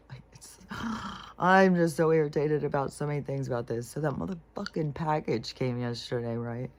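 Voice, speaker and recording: A woman's voice: sits low, brisk, a little mellow. A woman vlogging about her day, rambling and irritated, swearing freely with lots of fillers. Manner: irritated, frustrated. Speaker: spiritual vlogger. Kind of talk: casual venting monologue.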